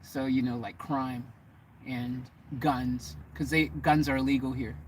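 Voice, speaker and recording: A man's voice: medium pitch, fairly even intonation, unhurried, slight background noise, rough recording. Chatty American man rambling on vlog. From United States. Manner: chatty, meandering, self-correcting. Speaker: vanlife vlogger. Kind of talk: casual chat to camera. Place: living in a vehicle.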